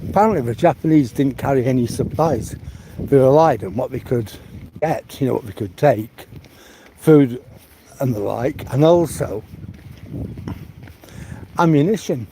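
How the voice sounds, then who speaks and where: A man chats away while out walking in the countryside, rambling and leaning on "you know" often. His voice sits at an ordinary middle pitch. Clear outdoor noise and the odd passing vehicle sit behind him on a phone recording. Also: mellow. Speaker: live-stream host. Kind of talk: casual chat while walking. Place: outdoors on a rural walk.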